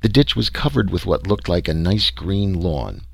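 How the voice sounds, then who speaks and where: A man's voice: sits low, sing-song, moderate pace, creaky, no echo, heavily acted. A man voicing a wry, sarcastic explorer recounting his trek. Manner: sarcastic, dry storytelling.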